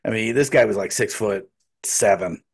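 A man's voice: fairly low pitch, normal speed, vocal fry, breathy edge. A man casually telling a workplace story, swearing freely and acting out what people said. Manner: profane, animated, acts out quotes. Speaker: podcast co-host telling a story.

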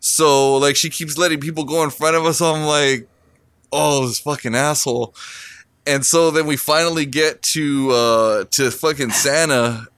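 Casting: foul-mouthed man spinning a crude tale to buddies; smooth voice, dry close sound. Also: a little high, fairly even intonation, a little slow, fairly bright tone, dry recording. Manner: profane, laughing anecdote-telling. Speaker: storyteller among friends. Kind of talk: casual chat.

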